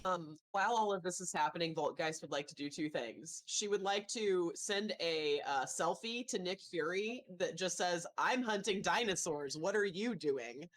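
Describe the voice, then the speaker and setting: A woman's voice: on the low side, moderate pace, few pauses. A woman playing a tabletop game, chatty and asking curious questions. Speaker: player. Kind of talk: casual tabletop game play.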